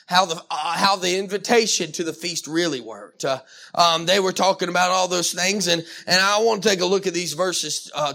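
A man preaching a sermon, animated and emphatic, with frequent restarts and calls of amen. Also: on the high side, creaky. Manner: animated, with many restarts and Southern-style "y'all".

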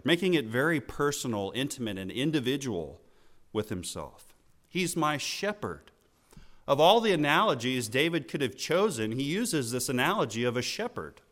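A man preaching a sermon in an earnest, teaching tone, slowing down to stress key words and letting his phrases fall at the end. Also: medium pitch, fairly bright tone. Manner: slow emphatic phrasing with falling line endings.

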